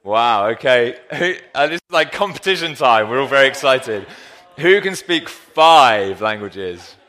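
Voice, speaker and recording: A man's voice: mid-range voice, expressive, a little slow, bright, forceful tone, soft background music. A man preaching a sermon in church on a handheld mic, joking and talking straight to the congregation. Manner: playful, jokey, addresses the congregation directly. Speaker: pastor. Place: church hall.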